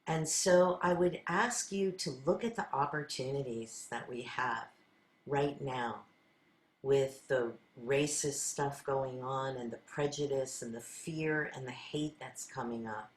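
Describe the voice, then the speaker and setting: A woman's voice: extremely low pitch, unhurried. An older woman leading a class, telling her own stories in an earnest, conversational way and acting out her side of past conversations. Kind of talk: storytelling talk to a group. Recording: roomy echo.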